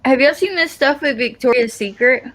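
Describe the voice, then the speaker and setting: A woman's voice: sits high, moderate pace, fairly bright tone. Congested woman hosting a casual chat. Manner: joking, self-mocking. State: congested from a sinus infection. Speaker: show host. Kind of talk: casual group chat on a video call.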